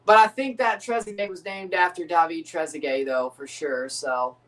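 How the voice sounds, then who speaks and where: A woman's voice: lowish voice, fairly even intonation, normal speed, fairly bright tone, recorded from a distance, poor audio. Streamer host, woman, loose joking match chatter, set back from the mic. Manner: rambling, joking, reads out chat. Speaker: livestream host. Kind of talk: casual watchalong commentary.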